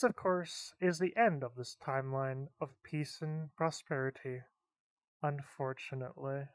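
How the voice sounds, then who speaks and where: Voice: mid-range voice, dry recording. A narrator explaining fan lore in a casual, offhand way.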